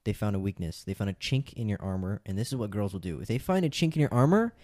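A man's voice: lowish voice, expressive, quick pace, a little mellow, dry recording, clean studio sound. A man giving blunt advice on a podcast and lecturing listeners directly in casual talk.

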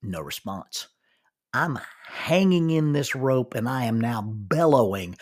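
A man with a somewhat husky, mid-range voice tells a long personal story. He is folksy and self-mocking, and he speeds up and slows down for effect. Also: medium pitch, expressive.

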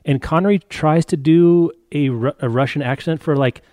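A man's voice: on the high side, normal speed, warm tone, no room sound. A man co-hosting a podcast, chatting casually about a film with wry, joking asides and mock outbursts. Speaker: podcast co-host.

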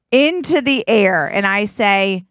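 A woman co-hosting a podcast, improvising a silly story in a playful, laughing manner. Her voice sits at an everyday middle pitch. The sound is dry and close. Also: lively intonation, slow pace, fairly bright tone, clear, resonant tone, dry recording. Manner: playful, laughs often, acts out quotes. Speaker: podcast co-host.

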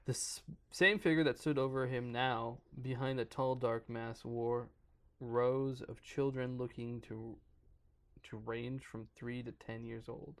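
A man's voice: medium pitch, fairly even intonation, measured pace. A man on a podcast casually reading a creepypasta aloud, stumbling over words and breaking off to joke. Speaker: podcast co-host reading a horror story.

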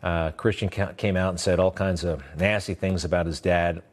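A man's voice: deep voice, steady tone, moderate pace, background noise. A man hosting a political commentary show, talking in a sarcastic, emphatic monologue full of rhetorical questions. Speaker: commentary host.

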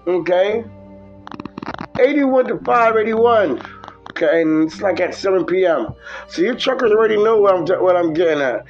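A man telling rambling, profane stories from his driving work in a casual podcast chat, jumping into a high voice when quoting people. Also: lo-fi sound. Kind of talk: casual storytelling.

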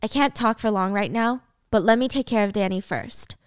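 A woman reading a calm, secretive teen girl. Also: mid-range voice, smooth, no room sound, clean studio sound, close to an everyday voice. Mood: urgent. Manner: calm, measured. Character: calm, secretive teenage girl who is mafia.

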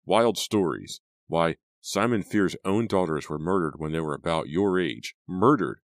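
A man voicing a stern, angry middle-aged father who speaks slowly through clenched teeth. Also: low voice, no echo, clean studio sound. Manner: slow, clenched, menacing.

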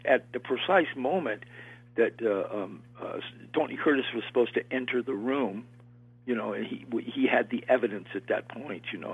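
An older man, an actor, telling an animated story in a casual interview, with lots of restarts and acted-out quotes. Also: mid-range voice, husky. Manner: animated, repeats and restarts, acts out quoted voices. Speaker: actor guest recalling film work. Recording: tinny phone-line sound.

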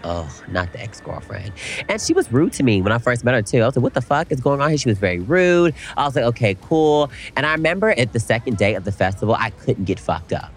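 A young man co-hosting a podcast, telling an animated story in casual chat and swearing freely. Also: medium pitch, fast, husky. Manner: animated storytelling, frequent cursing. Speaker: podcast co-host.

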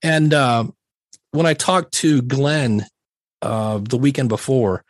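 This middle-aged man's medium-pitched voice moves slowly through a casual podcast chat, recorded dry with studio quality. He is candid, rambling and self-deprecating, often recreating conversations he had by acting them out.

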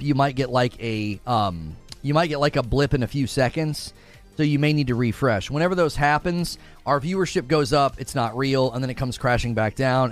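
A man hosting a casual live stream, chatting with viewers and leaping into a high, exaggerated voice when acting out others. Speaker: livestream host.

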